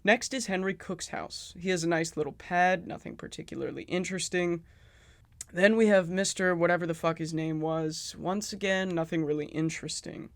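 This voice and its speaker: Dude ranting sarcastically about a game, highish voice, dry close sound. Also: male voice, moderate pace, dry recording. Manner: sarcastic, profane, exasperated. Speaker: video essayist. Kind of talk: critical game commentary.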